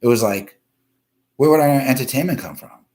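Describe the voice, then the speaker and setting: A man's voice: mid-range voice, lively intonation, moderate pace, darkish tone. A man hosting a live-stream news show, ranting bluntly and profanely while greeting viewers from the comments. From East Coast of the US. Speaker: livestream news show host.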